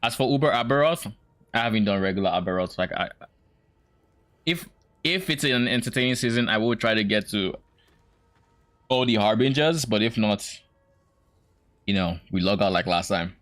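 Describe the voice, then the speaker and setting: A young man reacting on stream, musing out loud with strong opinions and frequent hesitant restarts. His voice sits on the low side and stays conversational throughout. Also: animated, moderate pace, pauses often. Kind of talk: casual reaction commentary.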